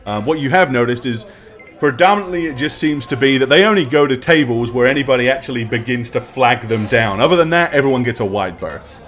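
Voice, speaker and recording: A man narrating as dungeon master in a tabletop game, describing scenes in detail with many pauses and ums. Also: mid-range voice, animated, a bit bright.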